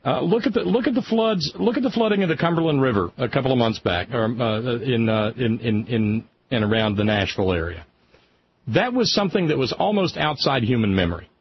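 A man hosting a radio talk show with a lively, rising and falling voice. He speaks with passion and keeps stumbling and restarting his sentences. The sound is muffled and lo-fi, like an old radio broadcast. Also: mid-range voice, fairly quick, a little hiss or hum. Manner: impassioned, stammering restarts.

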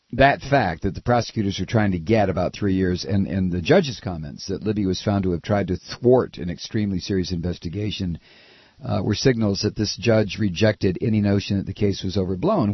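A man's voice: on the low side, slightly rough, no echo. A man hosting a political talk show, ranting in a sarcastic, scornful, mocking way, on a dull, lo-fi recording. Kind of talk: political commentary rant.

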